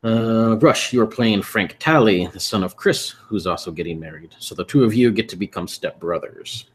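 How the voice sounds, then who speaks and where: A man's voice: fairly low pitch, moderate pace, slight background noise. A man running a tabletop game as game master, laid back, recapping characters and setting the scene. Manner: relaxed, laughs easily, recaps patiently.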